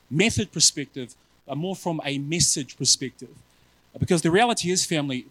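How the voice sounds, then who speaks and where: A male preacher giving a sermon in an animated, self-mocking way, often calling his listeners family. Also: fairly high pitch, no echo, rough recording.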